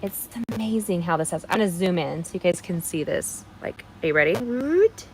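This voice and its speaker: A woman's voice: lowish voice, animated, brisk, a little hiss or hum, low-quality recording. A woman hosting a live card-making demonstration, chatting playfully with her viewers and greeting them by name as she works. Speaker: crafting livestream host.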